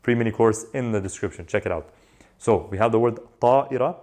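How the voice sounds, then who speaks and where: A man teaching an online lesson in a relaxed, conversational way, slowing down to repeat words for students to drill. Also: mid-range voice. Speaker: Arabic teacher.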